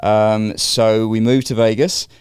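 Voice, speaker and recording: Low, smooth Londoner telling stories. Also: male voice, flat delivery, slow pace, a little mellow, no room sound, clean studio sound. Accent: London English. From London, England. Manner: chatty anecdotal storyteller, wry asides. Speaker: guest, real estate broker. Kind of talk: casual interview chat.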